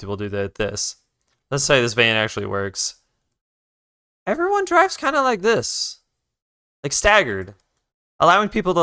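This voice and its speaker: Ranting, swearing art streamer with a lively voice. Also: mid-range voice, clean tone, no echo, clean studio sound. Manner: profane, ranting, retells the conversation in others' voices; restarts sentences while redrawing. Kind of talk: casual story time while drawing on a live stream.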